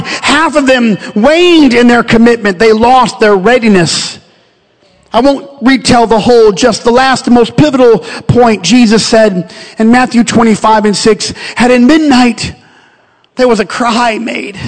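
A pastor with a strikingly high voice delivers a sermon, moving between quiet storytelling and loud, shouted calls to his listeners. His voice rings out with a long tail of reverb in a church sanctuary. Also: measured pace. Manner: builds from calm storytelling to shouted, high-pitched preaching.

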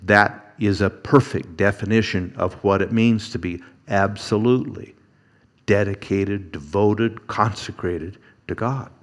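A pastor delivers a sermon in a lowish voice, speaking slowly and haltingly and often starting over. When he quotes figures, he acts them out with a rising voice.

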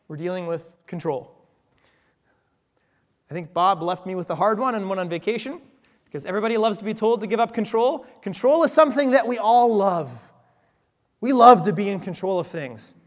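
A man's voice: sits high, expressive, moderate pace, pauses often, in a large hall. A man preaching a sermon in a church, talking conversationally with playful asides to the congregation. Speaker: pastor.

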